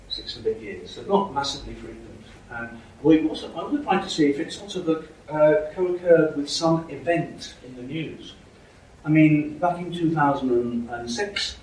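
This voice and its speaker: A man's voice: mid-range voice, a little hiss or hum. A middle-aged man giving a university linguistics lecture, hesitant, with many ums and restarts. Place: lecture hall. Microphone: room mic from a distance. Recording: echoey hall from far off.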